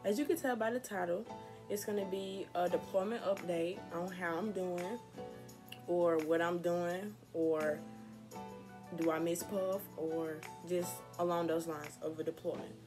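A woman's voice: lowish voice, steady tone, unhurried, over music, poor audio. A young woman talking casually to camera for her vlog, chatty, candid and upbeat. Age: young adult. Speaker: vlogger.

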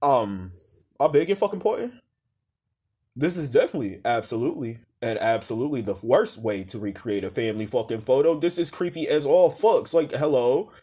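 A man giving a profane comedic rant as a reaction commentator, loud and exasperated. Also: mid-range voice, lively intonation, brisk, slightly rough. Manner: loud, exasperated, heavy cursing.

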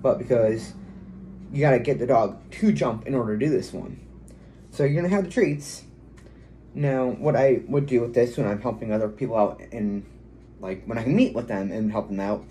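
A man with a warm, mellow voice talks through a dog-training tip in a loose, casual way, breaking off now and then to give his dog short commands. He is at home, and faint noise sits behind him. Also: mid-range voice. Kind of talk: casual how-to video. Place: at home, indoors.

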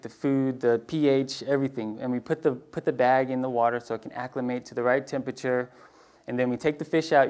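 A man preaching in a casual storytelling way, acting out voices in his anecdotes and dropping to a hushed tone for tender moments. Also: mid-range voice. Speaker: pastor. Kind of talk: storytelling sermon.

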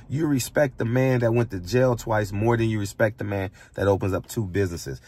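A man's voice: fairly low pitch, slightly rough, dry recording. A middle-aged man from the United States delivering a heated monologue from a barbershop, blunt and preachy, repeating lines and firing rhetorical questions. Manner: hammers points with rhetorical questions. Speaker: barbershop commentator.

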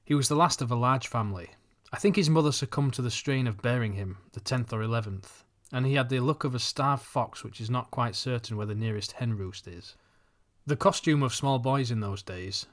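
A man narrating an audiobook in a measured, even storytelling manner. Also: medium pitch. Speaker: audiobook reader.

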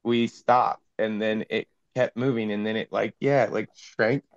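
A man's voice: fairly low pitch, steady tone, unhurried, lo-fi sound. A young man telling a story in a casual, rambling way full of fillers, heard over a video call. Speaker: panel guest.

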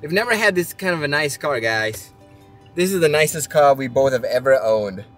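A man filming a casual home vlog as a husband, affectionate and quick to laugh. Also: fairly high pitch, expressive, a bit bright, faint music behind. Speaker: husband and vlogger.

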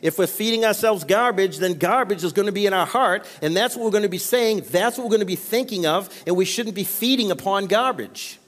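This man's high, slightly bright voice runs a little fast with hardly any pauses as he preaches as pastor, prompting the congregation for amens. The sound carries the long reverb of a church sanctuary.

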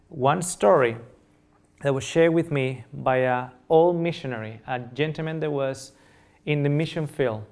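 A middle-aged man whose first language is Spanish, giving a public nutrition lecture in earnest storytelling style, repeating phrases and checking in with the audience. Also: mid-range voice.

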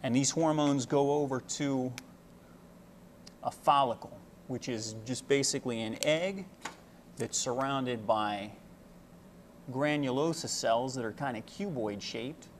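A young man walks through a lesson in a relaxed, conversational way, reaching for everyday comparisons. His voice sits at an ordinary middle pitch and is broken up by frequent "uh" pauses. A faint hiss sits under the recording. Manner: casual, uses homely analogies, frequent "uh". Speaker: medical student presenter. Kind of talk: explanatory lecture.

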